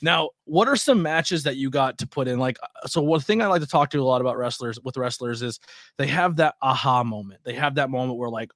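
A man's voice: medium pitch, animated, brisk, fairly bright tone, dry recording, clean studio sound. A man hosting a podcast, asking questions in casual, chatty conversation. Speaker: podcast host. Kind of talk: casual interview chat.

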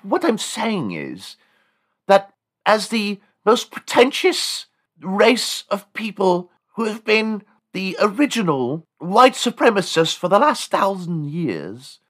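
A man voicing a pompous, posh English colonist gentleman in a mock English accent, drawn out and mannered. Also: high voice, wildly swooping pitch, takes it slowly, pitched above the performer's own voice, full character voice.

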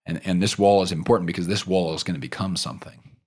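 Brief: man voicing a cheerful young bricklayer, low and slow, content. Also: steady tone, a little mellow, husky.

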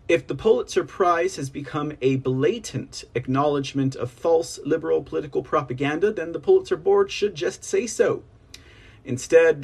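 A man hosting an online political news livestream, rambling casually, reading statements aloud and speaking to viewers as ladies and gentlemen. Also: a little high, gravelly, slightly rough. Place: home setup on a slow connection.

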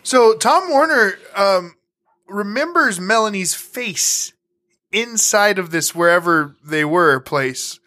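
A man's voice: sits high, lively intonation, slow pace, sharp tone. A man co-hosting a casual podcast, retelling an alien encounter story with swearing and laughter. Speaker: podcast co-host.

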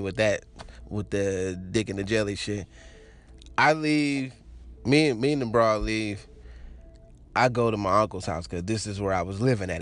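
A man telling a crude personal story in casual chat, laughing often and restarting his sentences as he rambles. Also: mid-range voice. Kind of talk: casual anecdote monologue.

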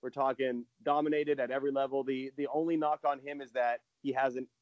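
A man's voice: mid-range voice, level tone, brisk, dry recording, lo-fi sound. A man talking casually and with enthusiasm as a guest analyst on a podcast, rambling with restarts.

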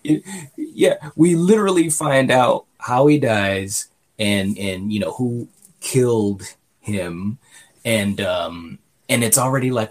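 A man's voice: on the low side, slow pace. A man co-hosting a podcast, talking through a movie review in a rambling, casual way full of fillers. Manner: rambling, filler-heavy, often says "you know". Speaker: podcast co-host.

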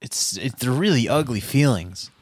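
Man, podcast host, lively swinging pitch, swears a lot, ranting, dry room. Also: normal speed, slightly rough, no room sound. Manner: animated, profane ranting and opinionated advice. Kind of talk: casual podcast chat.

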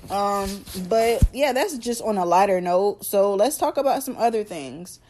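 A young woman hosts her own podcast, chatting straight to her listeners. She talks in a loose, slangy, animated way, with her pitch sitting in the middle of the usual range. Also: unhurried, slight background noise. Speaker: podcast host. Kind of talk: casual solo podcast chat.

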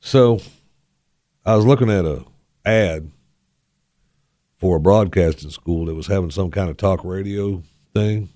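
A man's voice: sits low, measured pace, long pauses, mellow, no room sound, studio quality. A man hosting a talk radio show into a headset mic, speaking in a put-on folksy drawl with a wry, sarcastic tone. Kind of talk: casual talk radio monologue. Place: radio studio.

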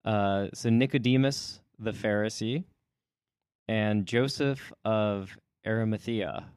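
A man with a low, smooth voice, retelling an old story in loose casual chat. He rambles and keeps slipping into quick voiced asides. The sound is dry and close, with no room in it. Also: darkish tone, no room sound.

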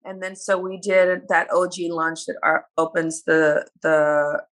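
A woman's voice: fairly low pitch, fairly even intonation, measured pace, a bit bright. A woman guest speaking candidly in a casual interview, sometimes losing her words. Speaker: reality show cast member guest.

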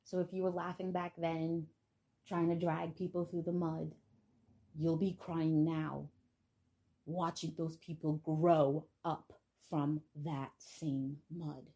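A woman's voice: deep voice, level tone, slow, dark tone. A woman vlogger giving a casual spiritual monologue in a blunt, profane, defiant manner.

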